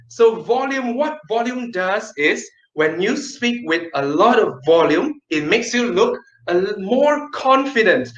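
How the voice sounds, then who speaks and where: Energetic male kids' teacher, emphatic and animated, echoey room, lo-fi online audio. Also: high voice. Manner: lively and emphatic, swings between fast and slow. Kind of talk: online class for kids. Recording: roomy, dull online class audio.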